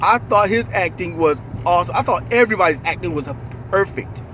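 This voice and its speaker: A man in casual, animated conversation about a movie, riffing with profanity and acting out lines while riding in a car. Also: high voice, a little fast, slight background noise. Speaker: co-host.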